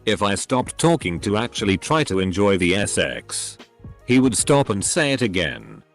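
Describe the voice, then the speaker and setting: A man's voice: on the low side, sing-song, normal speed, soft background music. A man narrating anonymous online stories in a scripted reading, spelling out abbreviations letter by letter.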